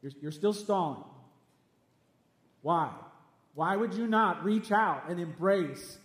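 A man preaches with a high, ringing voice, hammering home his points by saying them again and again straight at his listeners. He is recorded in a large hall or church, and a long, roomy reverb trails every phrase. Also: lively intonation, takes it slowly, fairly bright tone. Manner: emphatic, repeats lines, speaks straight at listeners. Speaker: pastor. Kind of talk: sermon.

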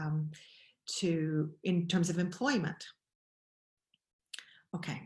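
Woman in a roomy echo. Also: fairly low pitch. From Scotland. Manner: thoughtful, many restarts and pauses. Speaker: guest expert on child attachment. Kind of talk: conversational interview explanation.

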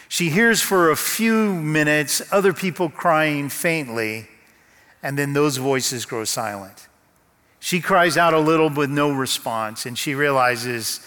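Guy preaching a sermon, slightly high voice, big echoey church hall, slow storytelling. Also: fairly bright tone. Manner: storytelling, slow dramatic pauses. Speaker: pastor. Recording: long hall reverb.

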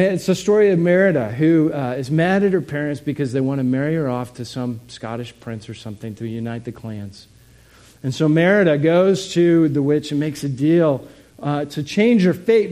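Male pastor, a bit high, warm mellow tone, chatty sermon delivery. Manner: conversational, asking the congregation questions.

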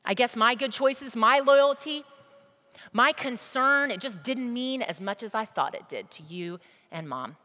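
A woman's voice: fairly high pitch, expressive, unhurried, bright, forceful tone, pitched above the performer's own voice. A woman preacher voicing a resentful teenage older brother who indignantly lists his grievances, heard in a hall with a long reverb.

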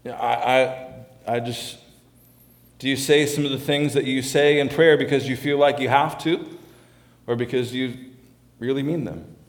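Earnest pastor preaching in an echoey room. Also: male voice, medium pitch, fairly even intonation, a little slow, pauses often. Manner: earnest, repeats and restarts phrases. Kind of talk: sermon. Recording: roomy echo.

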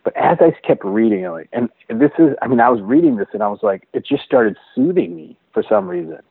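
A man telling his own story as an interview guest, earnest and halting, restarting and repeating words as he goes. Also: mid-range voice, very animated, vocal fry, slightly rough, no echo. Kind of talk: personal storytelling in a conversation. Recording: dry, phone-like narrow sound.

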